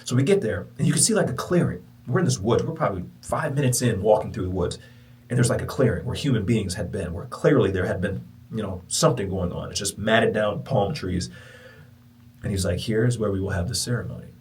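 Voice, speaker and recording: A man hosting a podcast who tells a personal story to his listeners. He swings from loud, emphatic bursts to near-whispers and repeats phrases for emphasis. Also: lowish voice, fairly quick, distant mic. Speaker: podcast host.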